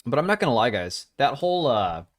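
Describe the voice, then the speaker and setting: A middle-aged man streams his live show from a home setup, chatting loosely while tired and sore, joking, chuckling and swearing casually. His medium-pitched voice swings widely in pitch, and he talks fairly quickly.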